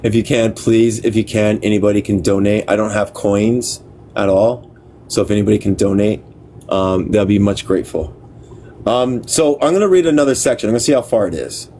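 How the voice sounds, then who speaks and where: A man hosting a livestream, reading a book aloud in a casual, halting way, stopping to puzzle over words and talking offhand to viewers. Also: fairly low pitch, mellow, a little hiss or hum. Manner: talks to viewers offhand, apologetic. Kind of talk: casual live reading with chat asides.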